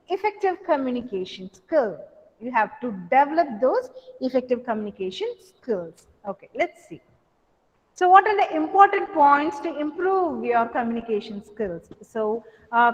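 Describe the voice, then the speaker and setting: A woman with a high voice teaches a class on communication, asking questions and repeating her points with frequent fillers. The sound is dull and lo-fi, with a long reverb from the hall. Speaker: college lecturer. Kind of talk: classroom lecture on communication skills.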